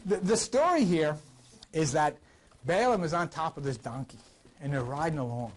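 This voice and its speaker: An older man with a high-pitched voice teaching a class on scripture. He rambles and talks to the room in a conversational way, with big swings in loudness. His voice has a slight roughness from recent coughing. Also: expressive, normal speed. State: recovering from a cough. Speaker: lecturer.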